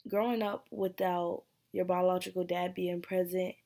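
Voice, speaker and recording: A young adult woman from the United States talking candidly to her viewers in a personal vlog, pausing and sighing often. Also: lowish voice, little pitch movement, vocal fry, mellow. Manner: emotional, candid, sighs and hesitates. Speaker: vlogger.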